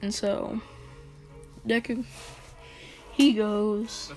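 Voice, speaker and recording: A woman's voice: medium pitch, steady tone, drawn-out words, darkish tone. A woman casually retelling a fan-fiction story in a rambling, giggly way. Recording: home recording with music underneath.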